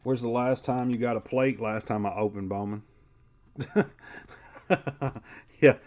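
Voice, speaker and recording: A man's voice: mid-range voice, steady tone, normal speed, darkish tone, lo-fi sound. A man hosting a live sports card break, calling out player names in a casual, chatty way.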